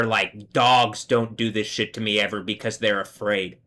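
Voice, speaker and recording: A man's voice: on the low side, steady tone, moderate pace, few pauses. Man ranting furiously on a livestream. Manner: heated, profane, repetitive shouting tirade. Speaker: livestream host. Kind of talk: angry livestream rant.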